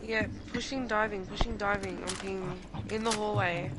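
A woman, chatting and swearing excitedly while playing an online shooter with friends. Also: medium pitch, moderate pace, very noisy. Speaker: gamer. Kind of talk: casual game chat.

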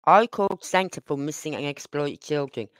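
A YouTuber delivers live-stream commentary in a smooth, clean voice. The speaker presses each point with rhetorical questions and repetition, and now and then apologizes for rushing. The sound is close and dry, with no room echo. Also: mid-range voice, animated. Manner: apologetic about talking fast.

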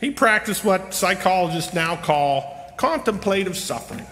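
A middle-aged man with a high, bright, forceful voice preaches a storytelling sermon, joking at his own expense and drawing out key words with slow pauses. His voice carries a long church-hall reverb. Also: lively intonation, a little hiss or hum. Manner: humorous, self-deprecating, with slow emphatic pauses. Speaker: lay preacher. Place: church sanctuary.

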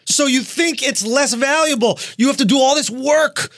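High pitched guy ranting on his comedy podcast, dry close mic. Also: normal speed, no room sound. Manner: animated, profane ranting. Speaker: podcast host.

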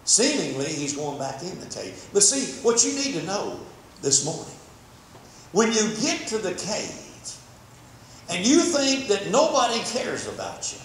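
A man's voice: sits high, big pitch swings, measured pace. An older man preaching a sermon, telling a story fervently with repeated words. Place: church sanctuary. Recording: very echoey church, faint background noise.

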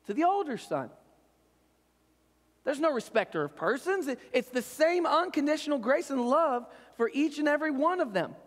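High-voiced male pastor in a reverberant hall. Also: sing-song, normal speed. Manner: earnest, asks the crowd "right?" often. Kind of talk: sermon. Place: church sanctuary.

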